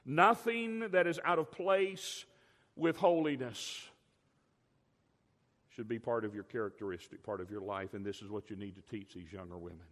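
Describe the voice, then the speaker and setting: A middle-aged man preaching a sermon, telling stories with emphatic swings between loud and quiet. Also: fairly low pitch, moderate pace. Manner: animated storytelling, emphatic swings in loudness. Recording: long reverb of a large hall.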